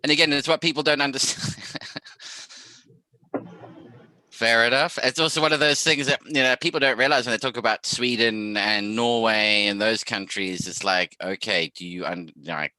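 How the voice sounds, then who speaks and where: An English man hosting a casual video-call chat, swearing freely and talking in animated bursts. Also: medium pitch, normal speed, dry recording. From England. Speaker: podcast host.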